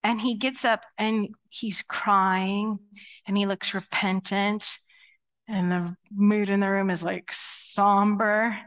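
A middle-aged woman pastor preaching a sermon to her church in a lively, conversational way, acting out quoted voices as she goes. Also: mid-range voice, slow. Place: church sanctuary.

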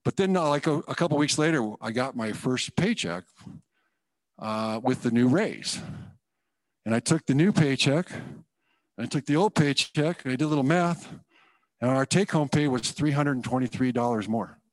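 A man shares his testimony from a church stage, telling his story with animated, self-mocking energy. His voice sits at an ordinary middle pitch. The sound is dry and close. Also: moderate pace, no room sound. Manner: animated storyteller acting out his own quoted thoughts, self-deprecating. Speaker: guest speaker giving testimony. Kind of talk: personal testimony sermon.

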